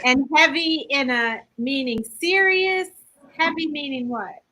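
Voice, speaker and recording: A woman hosts an interview with a curious, affirming manner and often checks how names are spelled. Her voice is bright and sits a little high. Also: a little slow, poor audio. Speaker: host.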